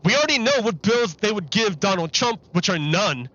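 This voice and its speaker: A man's voice: high-pitched, animated, moderate pace, sharp tone, lo-fi sound. A man live-streaming commentary on a political interview, exasperated and repeating his questions over the clip.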